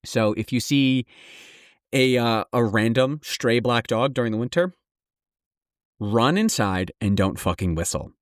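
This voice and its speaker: A man co-hosting a podcast in casual chat, swearing freely and joking with animated energy. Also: medium pitch, unhurried, dry recording, studio quality. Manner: profane, animated, jokey. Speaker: podcast co-host.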